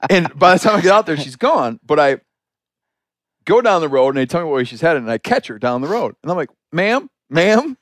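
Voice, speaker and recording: A man hosting a podcast, telling an anecdote in a chatty, animated way full of "like" fillers. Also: a little high, fast talker, no room sound, studio quality. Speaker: podcast host. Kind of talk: casual storytelling conversation.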